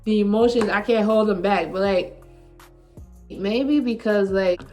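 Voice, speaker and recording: Faint music sits behind a medium-pitched, darkish-toned woman who speaks unhurriedly. In her 20s, she vlogs from home, rambling sincerely through a personal story and using "like" a lot.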